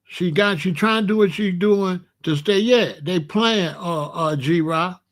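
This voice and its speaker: High-pitched man, blunt commentary. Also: unhurried. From Chicago. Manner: blunt, profane, opinionated. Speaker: host. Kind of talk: casual commentary rant.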